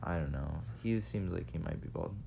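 Joking young man with a lowish voice. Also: moderate pace, gravelly, warm tone, slight background noise. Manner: joking, laughs often, trails off mid-sentence. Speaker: podcast co-host. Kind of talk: casual comedic podcast chat.

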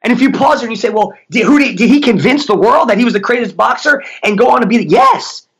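A middle-aged man, a mindset coach, giving a fervent faith-based motivational talk, slowing down to chant affirmations. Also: very high voice, lively intonation, gravelly, fairly bright tone, husky. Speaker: podcast guest, mindset coach.

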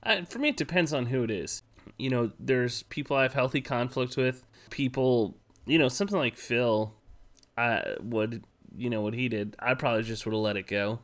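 A man co-hosting a podcast who speaks in a low-key way with dry humor. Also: normal speed, fairly bright tone. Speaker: podcast co-host. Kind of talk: casual chat.

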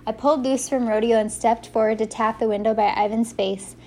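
A woman reading a first-person story aloud as an audiobook narrator, giving the characters lively voices. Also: fairly high pitch, fairly quick.

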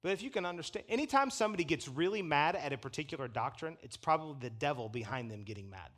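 A male preacher delivering a sermon in a high, lively voice that leaps up and down. He talks animatedly, laughing to himself and slipping into the voices of people he quotes. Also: quick pace. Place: church pulpit.

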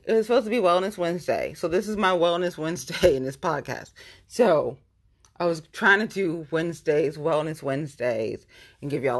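A woman hosting a casual home podcast, with a husky voice. Her pitch swings widely as she talks. She is blunt and loosely rambling. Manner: blunt and heavily profane. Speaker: podcast host. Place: at home, standing on a balance board.

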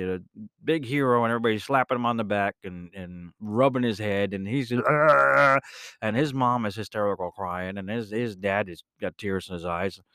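A man hosting a podcast, telling a rambling personal story in a casual, animated way, often correcting himself mid-sentence. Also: lowish voice, clear, resonant tone, no room sound, studio quality. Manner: animated, rambling, with self-corrections and bursts of laughter. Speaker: podcast host.

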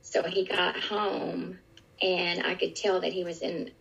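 Gravelly-voiced woman telling a hard story. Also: lowish voice, flat delivery, a bit bright. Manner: earnest, vivid retelling with halting restarts. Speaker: interviewee. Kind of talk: personal storytelling in an interview. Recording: dull lo-fi recording.

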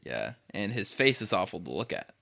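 A man's voice: fairly low pitch, big pitch swings, normal speed, vocal fry, pushed and bright. A man co-hosting a podcast, trading crude jokes casually, laughing often and swearing freely. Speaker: podcast co-host.

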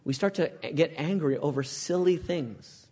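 Pastor, male, slightly high voice, emphatic sermon delivery that quizzes the congregation. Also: moderate pace, a little mellow. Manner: asks the congregation questions, emphatic preaching.

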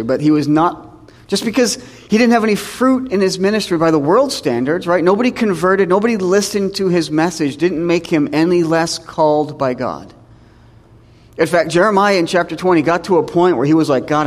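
A man's voice: on the high side, lively intonation, fairly quick, big-room sound. A man preaching a sermon in a conversational way, dropping in tag questions and acting out the scripture dialogue.

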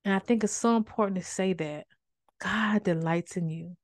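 A woman's voice: mid-range voice, normal speed, no echo. Woman giving heartfelt devotional talk. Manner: conversational, addresses listeners as y'all; emotional, fighting back tears of joy. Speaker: podcast host and Bible teacher. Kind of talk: casual devotional teaching. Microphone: microphone with a faulty cord.

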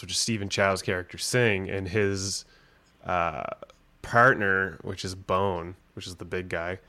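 A man with a fairly low voice talks through a movie on a casual podcast. He rambles from scene to scene with plenty of fillers, often jumping into the characters' lines as he tells it. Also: a bit bright. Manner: rambling retelling with many "like"s, acting out lines. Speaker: podcast co-host reviewing films. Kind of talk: casual chat.

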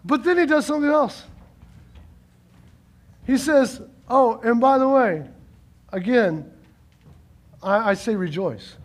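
A male pastor preaching a sermon, animated, repeating words for emphasis and acting out quotes, swinging from quiet slow lines to loud shouts. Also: very high voice.

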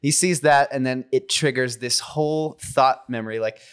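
A man in relaxed podcast conversation, thinking out loud in long rambling sentences that often trail off. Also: mid-range voice, normal speed, clear, resonant tone. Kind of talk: casual conversation.

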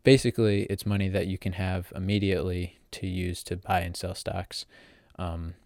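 A deep-voiced teenage man tells his story in a loose, casual vlog style. He rambles, piles up fillers and corrects himself mid-sentence. The sound is dry and close, with no room around it. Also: level tone, normal speed, a little mellow, no room sound. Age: teens. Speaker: vlogger.

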